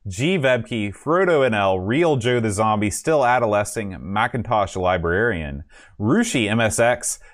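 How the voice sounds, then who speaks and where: A man's voice: animated, a little slow. A man hosting a casual podcast, rambling and self-mocking as he thanks supporters. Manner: rambling and self-mocking, sings patron names in a high put-on voice. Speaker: podcast host. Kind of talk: casual podcast chat, singing a list of names.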